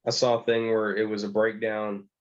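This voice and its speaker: A man's voice: on the low side, level tone, normal speed, lo-fi sound. A man co-hosting a casual podcast, wry and laid-back in his banter. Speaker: podcast co-host. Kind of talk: casual chat.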